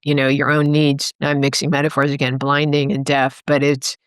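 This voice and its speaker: A woman's voice: low-pitched, completely flat delivery, normal speed, clear, resonant tone, no echo, studio quality. A middle-aged woman, a guest author, talking earnestly and reflectively in an interview, rambling a little and correcting herself as she goes. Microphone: remote call microphone.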